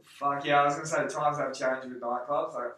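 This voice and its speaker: A man's voice: medium pitch, steady tone, brisk, fairly bright tone, slight background noise. A man hosting a casual podcast chat, joking and laughing as he talks. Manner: laughing, jokey asides. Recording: very echoey room, distant mic.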